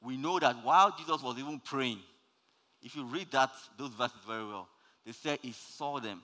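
At a moderate pace, a male preacher sermonizes in a bright, forceful, mid-pitched voice, shifting from loud, rising calls to quiet, low asides. Long reverb makes it sound like a large church hall.

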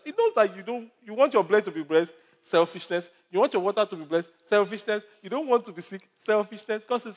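A man's voice: high-pitched, expressive, fairly quick. A male pastor preaching a sermon with numbered points, stories and humor.

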